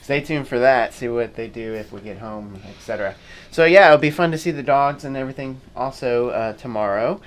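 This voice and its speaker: A man's voice: medium pitch, brisk. A middle-aged man chatting casually on a family travel vlog, easygoing and rambling with plenty of fillers. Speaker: family vlogger. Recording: faint background noise.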